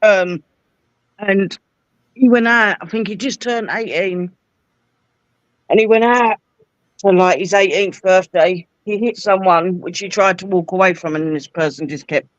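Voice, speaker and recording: A woman's voice: mid-range voice, a little slow, long pauses, no echo, dull audio. A Cockney woman in her forties, telling chatty personal stories in a casual conversation. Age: 40s. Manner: chatty anecdotal storyteller. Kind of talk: casual chat.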